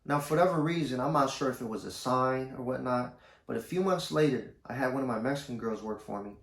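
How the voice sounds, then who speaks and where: A man telling a personal story to camera in a casual, slangy, low-key way. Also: quick pace, creaky. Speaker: vlogger. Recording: roomy echo.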